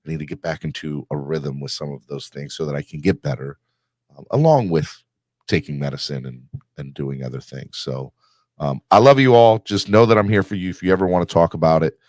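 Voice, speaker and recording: A man's voice: a bass voice, fairly quick, darkish tone, dry recording, studio quality. A man hosting a sports podcast, talking earnestly in a rambling way with many fillers. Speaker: podcast host. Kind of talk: casual sports podcast chat.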